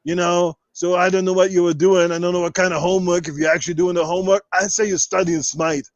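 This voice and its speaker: A man's voice: high voice, little pitch movement, fast, no echo, highs cut off, lightly acted. A man doing a brash bodybuilder impression. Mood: joking. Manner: brash, boastful, rambling, trash-talking. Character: boastful muscle-bound Austrian bodybuilder, adult man. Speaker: podcast guest doing an impression. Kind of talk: comedic impression in podcast chat.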